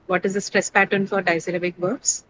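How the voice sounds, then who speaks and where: A woman's voice: mid-range voice, flat delivery, brisk, fairly bright tone, a little hiss or hum, poor audio. A woman teaching English stress rules over a video call, explaining patiently, quizzing her students and often checking with "right?". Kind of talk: online class lecture.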